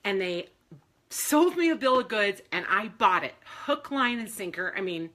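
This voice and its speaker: Bright-voiced woman giving a candid faith talk. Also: mid-range voice, sing-song, moderate pace. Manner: candid, emotional, swears freely, laughs often. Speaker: faith and self-esteem speaker. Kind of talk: casual live-stream talk.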